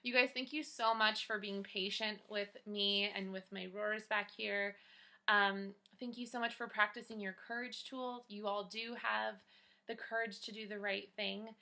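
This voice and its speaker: A woman teacher records a daily check-in for kids from home, chatty and upbeat as she encourages them. Her voice is crisp and sharp, at an ordinary middle pitch. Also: fairly even intonation, moderate pace. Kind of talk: video lesson for kids.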